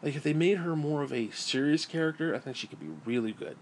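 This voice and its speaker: A man's voice: a little high, fast, darkish tone, slight background noise. A man delivering an angry, profane rant, sighing and restarting his sentences as he vents. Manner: profane, exasperated, rambling with restarts and sighs. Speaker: gaming and wrestling commentator.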